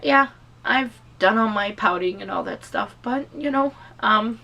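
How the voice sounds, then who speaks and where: A woman's voice: a little high, measured pace, creaky, pushed and bright, dull audio. A woman telling a personal story on her vlog in a rambling, casual way, full of "you know" and restarts, emotional and holding back tears. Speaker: vlogger. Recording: voice distant from the mic.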